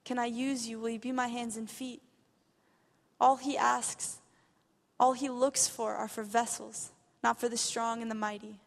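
A woman's voice: on the high side, little pitch movement, moderate pace, hardly any pauses, big-room sound. A young woman giving an earnest missionary testimony in church, growing impassioned as she retells a story. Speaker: missionary speaker. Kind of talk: testimony sermon. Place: church hall.

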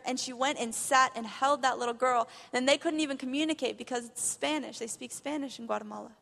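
A woman's voice: high voice, brisk, gravelly, few pauses, a bit bright, big-room sound. A young woman giving an earnest missionary testimony in church, growing impassioned as she retells a story. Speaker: missionary speaker. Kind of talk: testimony sermon. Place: church hall.

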